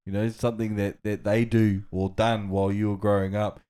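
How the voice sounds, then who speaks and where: A man's voice: lowish voice, little pitch movement, brisk, warm tone, smooth. A man co-hosting a podcast in a studio, easygoing and laughing often, tossing in "bro" as he talks. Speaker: podcast co-host. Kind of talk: casual chat.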